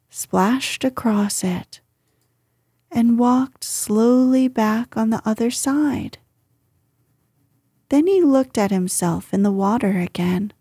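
A woman reading a children's storybook aloud with calm, unhurried narration. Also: fairly high pitch, slightly rough, no room sound, studio quality.

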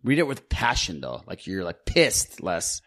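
A man's voice: low voice, big pitch swings, measured pace, a bit bright. A man hosting a casual podcast chat, who jokes around and steers the conversation. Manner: teasing, jokey, steers the talk. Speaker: podcast host.

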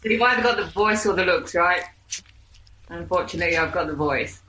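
Bright-voiced chatty woman. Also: fairly low pitch, brisk, roomy sound, low-quality recording. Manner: chatty storyteller, laughs often, many fillers. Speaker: voice-over artist and guest. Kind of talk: casual interview chat.

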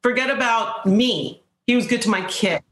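A woman guest telling a lively anecdote in casual talk, acting out the people she quotes. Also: on the high side, normal speed, echoey room. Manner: animated storyteller, acts out quotes.

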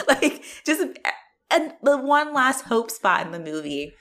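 A woman's voice: fairly high pitch, very animated, moderate pace, fairly bright tone. A woman co-hosting a podcast, casually chatting about a movie, laughing often and swearing freely as she retells scenes. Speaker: podcast co-host. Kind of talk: casual movie discussion chat.

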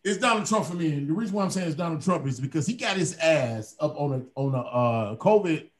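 A man's voice: a little high, lively intonation, fairly quick. A man with a Chicago accent hosting a casual podcast, rowdy and profane, laughing and talking like he's drunk. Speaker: podcast host. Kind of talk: loud casual banter.

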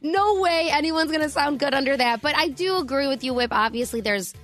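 Young woman on morning radio, high voice, rambles and says like constantly, faint music. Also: brisk, a bit bright. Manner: chatty, rambling, heavy use of "like". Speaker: radio co-host.

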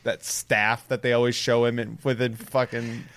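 A man co-hosting a casual comedy podcast, jokey and quick to mock. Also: mid-range voice, flat delivery, fairly bright tone. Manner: jokey, does mocking voices. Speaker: podcast co-host.

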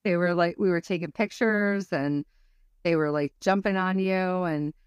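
A woman's voice: lowish voice, measured pace, clean tone, no room sound, highs cut off. A woman guest on a podcast, telling a story in a rambling, casual way full of fillers.

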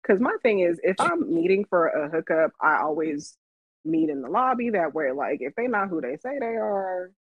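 On a dull, dry lo-fi recording with no room sound, a woman with a fairly low, breathy voice talks at a moderate pace. She's a podcast co-host in Las Vegas, telling a story casually, often laughing and growing animated as she quotes herself.

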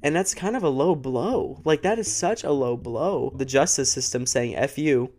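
A man's voice: mid-range voice, expressive, moderate pace, a little mellow. A young man hosting a true crime podcast, talking casually and earnestly to camera, emotional and a bit sick, laughing between thoughts, close to the microphone. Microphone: close studio microphone.

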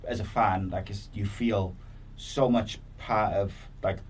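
Podcast host, deep voice, distant mic, light noise behind, chatty and rambling. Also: male voice, steady tone, measured pace. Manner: chatty, rambling questions with many fillers. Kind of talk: casual interview chat. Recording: distant voice with faint room noise.

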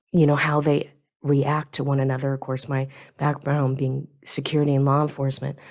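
A woman's voice: sits low, vocal fry, darkish tone. A woman hosting a talk show, responding reflectively and affirmingly to her guest. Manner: reflective, affirming, with small restarts. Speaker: podcast host. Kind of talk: reflective conversation.

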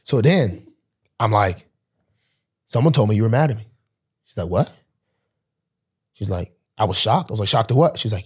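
At a measured pace with frequent pauses and a breathy edge, a young pro football player tells a story in casual chat on his podcast. He animatedly acts out the quoted voices, pushing his pitch up and down sharply.

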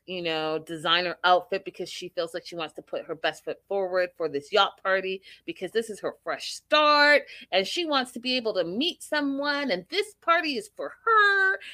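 A woman's voice: medium pitch, pushed and bright, no room sound. A woman casually recapping a reality show, opinionated and full of rhetorical questions.

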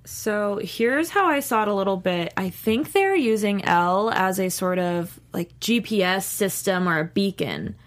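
A woman's voice: mid-range voice, lively intonation, measured pace, hardly any pauses. Woman co-host sharing her take. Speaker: podcast co-host. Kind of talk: casual discussion of a TV show.

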